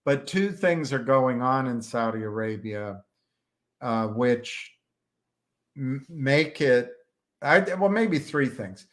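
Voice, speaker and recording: A man from the United States, hosting a livestream and talking casually in a slow, rambling way, with many fillers and restarts. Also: mid-range voice, animated. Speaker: livestream host.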